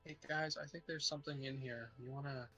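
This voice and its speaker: Gravelly, husky man playing tabletop. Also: medium pitch, steady tone, a little fast, sharp tone, soft background music. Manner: chatty, hesitant with fillers. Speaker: player. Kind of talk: casual tabletop play.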